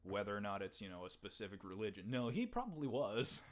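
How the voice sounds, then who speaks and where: Wry male podcast host with a low voice. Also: very animated, fast. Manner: wry, joking interjections. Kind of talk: casual chat.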